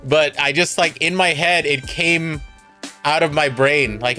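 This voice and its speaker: A man's voice: a little high, a little slow, pushed and bright, faint music behind. Laid-back Californian man telling a story. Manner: rambling, self-mocking, laughs a lot. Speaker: streamer. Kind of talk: casual storytelling on stream.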